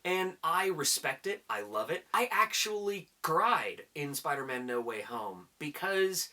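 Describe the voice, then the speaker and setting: A man doing a casual countdown of his favorite movies as a vlogger, excitable and hyping things up, swearing casually as he talks. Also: a little high, measured pace.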